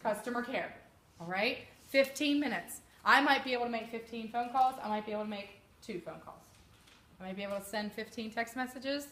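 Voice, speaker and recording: Woman, chatty sales trainer, higher voice, lively, recorded in an echoey room with light background noise. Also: brisk. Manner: chatty, animated, acts out customer voices. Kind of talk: training talk to a live group.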